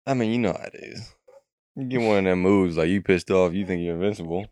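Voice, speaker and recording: A man's voice: deep voice, fast. A young man telling a long story in casual chat, swearing freely and acting out what people said. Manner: profane, animated storytelling with acted quotes. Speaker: storyteller recounting a dream.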